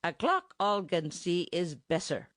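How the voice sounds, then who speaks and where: In this dry audiobook recording without room sound, a woman gives voice to a blustering, pompous, bossy middle-aged German bandmaster whose English is mangled and heavily accented. Her voice is lowish and a bit bright, very animated but delivered at a measured pace.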